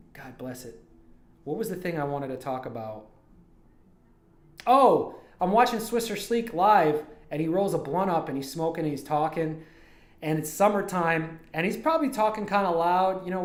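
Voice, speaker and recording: Rambling man on a roomy livestream. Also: a little high. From Toledo, Ohio. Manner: rambling, digressive storytelling. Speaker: streamer and animator. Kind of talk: casual livestream chat. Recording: roomy echo.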